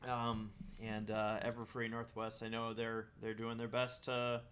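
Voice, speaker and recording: A man's voice: medium pitch, completely flat delivery, a little slow, fairly bright tone, slight background noise. A man co-hosting a podcast in casual chat, rambling and laughing often. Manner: rambling, laughs often, eating while talking. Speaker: podcast co-host.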